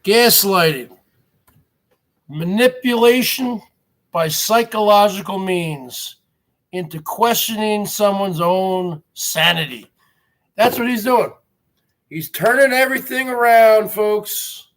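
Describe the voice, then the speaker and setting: A man's voice: high voice, slow pace, fairly bright tone. A man hosting a livestream, ranting in an indignant, repetitive and emphatic way. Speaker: livestream host.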